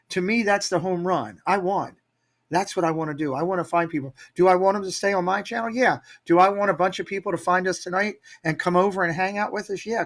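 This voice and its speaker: Upbeat man, fairly high voice. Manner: energetic, upbeat, motivational. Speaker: guest, Disney YouTube creator. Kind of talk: casual interview storytelling.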